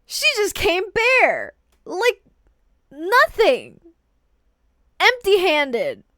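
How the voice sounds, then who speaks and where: A woman's voice: very high voice, wildly swooping pitch, extremely slow, sharp tone, no room sound, clean studio sound. A woman streaming herself as she reacts to a movie, chatting casually, rambling, and often repeating words as she trails off. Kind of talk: casual live-stream commentary.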